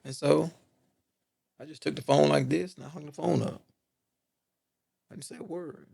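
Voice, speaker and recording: His voice leans high yet sounds gravelly, mellow, and husky, with fairly even intonation and a moderate pace. He's a middle-aged man from Texas guesting on a casual podcast, earnestly telling personal stories, repeating for emphasis, and checking in with "right?".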